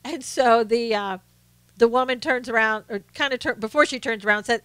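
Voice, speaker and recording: A woman's voice: fairly high pitch, normal speed, fairly bright tone, clear, resonant tone, no room sound. A woman from the South, hosting a casual live stream, chatting to viewers and often laughing. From American South. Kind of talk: casual political chat reading viewer comments.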